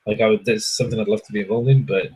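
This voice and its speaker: A man's voice: lowish voice, fairly even intonation, rapid-fire, darkish tone, breathy edge, rough recording. A young adult man, hosting a casual livestream from a hotel room and answering chat in a rambling way, swearing freely and poking fun at himself.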